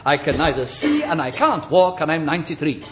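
A man voicing a bad-tempered, blind ninety-three-year-old hospital patient who speaks gruffly and complains, in a dull lo-fi recording. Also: a little high, big pitch swings, brisk, background noise, pitched above the performer's own voice. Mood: indignant.

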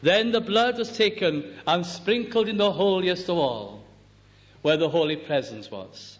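A man preaching a sermon, slow and deliberate, reciting scripture and hymns and dropping his voice low on key words. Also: animated. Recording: dull lo-fi recording in a reverberant hall.

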